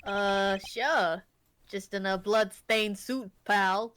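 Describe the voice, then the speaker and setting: A woman's voice: mid-range voice, fairly even intonation, drawn-out words, a bit bright, a little hiss or hum. A woman voicing a brash, friendly male police detective from a game, in a casual tough-guy tone. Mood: chummy. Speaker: game player reading lines. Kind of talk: playful game voice-over reading.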